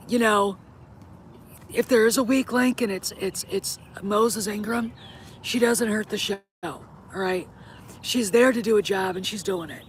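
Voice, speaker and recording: A woman's voice: medium pitch, a little hiss or hum. Blunt, opinionated woman vlogger. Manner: blunt, opinionated, swears freely. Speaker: host. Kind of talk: casual vlog chat.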